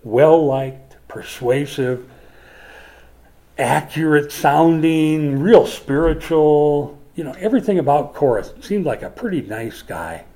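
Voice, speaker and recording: A man from Minnesota preaching a sermon as a pastor, emphatic and swinging from forceful lines to hushed ones. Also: fairly high pitch, animated, takes it slowly. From Minnesota, USA.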